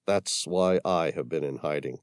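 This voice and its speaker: A man's voice: extremely low pitch, normal speed, no echo, studio quality. A man voicing a hunted former scientist who speaks grimly and emphatically about his fate. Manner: grim, intense, emphatic. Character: grim hunted male ex-scientist, fatalistic.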